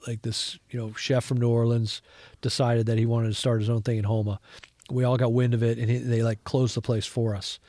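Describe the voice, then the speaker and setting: Lively middle-aged man telling film-set stories. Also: mid-range voice, fairly quick, no echo. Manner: animated storyteller who acts out other people's lines. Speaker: podcast guest, camera operator turned director. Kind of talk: casual anecdotal interview.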